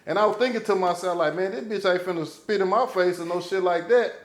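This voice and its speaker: A man's voice: high-pitched, fast talker, echoey room. A man telling a story in casual podcast chat, cursing freely and acting out what people said. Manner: profane, animated storyteller, acting out quotes. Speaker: podcast guest.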